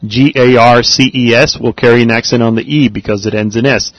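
A man teaching a Spanish grammar lesson, patient and deliberate, spelling out words and saying them again. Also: medium pitch, fairly even intonation, no room sound, lo-fi sound.

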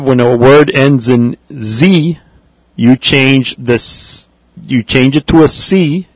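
Guy teaching spanish grammar, super slow and patient, spells stuff out, dry close sound. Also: medium pitch, breathy edge, dry recording, highs cut off. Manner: patient, slow and deliberate, spells out words and repeats them. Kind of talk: classroom grammar lesson.

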